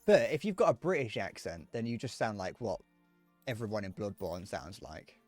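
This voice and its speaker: A man's voice: on the low side, very animated, moderate pace, darkish tone, soft background music. A young man with a Northern Irish accent, chatting casually with viewers as a livestreamer, rambling and laughing at his own jokes. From Northern Ireland. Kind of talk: casual chat to viewers while gaming.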